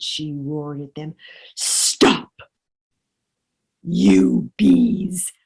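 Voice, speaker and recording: A woman storyteller narrating a children's story with an expressive, drawn-out delivery. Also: sits low, creaky, slightly rough, rough recording.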